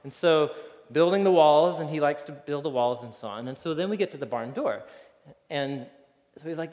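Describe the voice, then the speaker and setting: High-voiced man preaching in a hall. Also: animated, moderate pace, darkish tone. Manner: conversational storytelling, chuckling often. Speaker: pastor. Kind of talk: sermon. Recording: reverberant hall.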